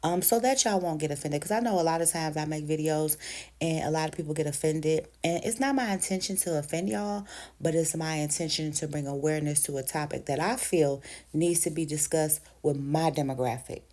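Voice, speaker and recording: A woman past thirty-five talks straight into her phone, emphatic and conversational. Her voice sits on the low side. She calls her listeners baby and sis. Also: a little fast, dark tone. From United States. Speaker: vlogger. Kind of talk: direct-to-camera rant.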